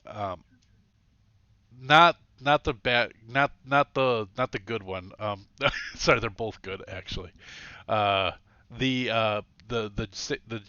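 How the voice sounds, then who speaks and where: A man narrating a tabletop game as game master, rambling and correcting himself as he goes, with a quick laugh. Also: fairly low pitch, bright, forceful tone, clear, resonant tone, no room sound, highs cut off.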